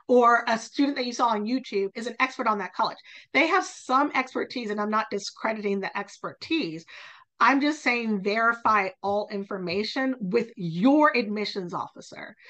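Brief: passionate woman tutor, slightly high voice, rapid bursts of talk. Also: fairly bright tone. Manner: passionate, quick bursts of speech. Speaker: college admissions tutor. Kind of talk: casual podcast conversation.

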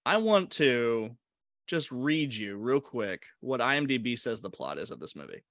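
Very animated and speaking at normal speed, this mid-range, somewhat bright voice belongs to a movie podcast co-host. He chats casually, hesitates, restarts his sentences and laughs a lot, captured in dry, clean studio sound.

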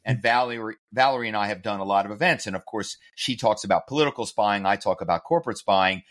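Low-voiced man telling lively stories. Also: fast. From Philadelphia area. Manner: animated, self-amused storyteller. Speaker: guest, author and former corporate spy. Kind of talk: conversational interview storytelling.

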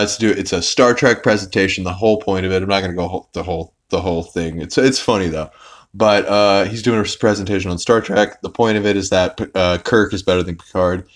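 A young man hosting a podcast, recapping an episode in a rambling, casual way with lots of fillers and restarts. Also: sits low. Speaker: podcast host.

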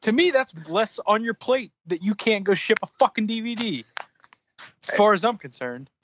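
A man with a slightly higher voice jumps in with crude jokes and frequent laughter during a friend's story. A faint hiss sits behind him on the recording. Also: lively intonation, moderate pace. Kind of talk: casual chat.

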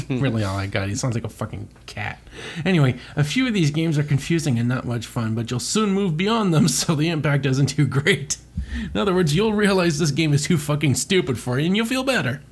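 A man's voice: on the high side, lively intonation, brisk, slightly rough. A man co-hosting a casual podcast, reading old game reviews and adding sarcastic, crude wisecracks. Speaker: podcast co-host.

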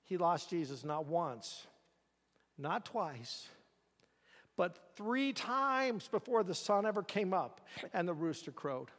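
A man's voice: sits high, big pitch swings, slow, a bit bright, in a large hall. A man preaching a sermon, telling the story dramatically and asking the listeners rhetorical questions.

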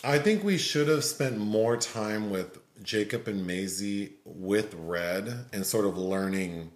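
A man with a lowish voice talks through a film review in loose, casual chat, circling his points with lots of fillers. The sound carries a noticeable room echo. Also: slow pace. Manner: rambling, filler-heavy critique. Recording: roomy echo.

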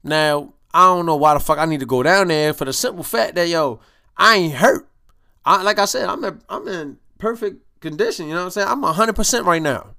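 Young man, podcast host, animated storytelling, heavy slang, resonant voice, higher pitch. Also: fairly quick, creaky. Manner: animated, profane street slang, acts out quotes. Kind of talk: casual storytelling monologue.

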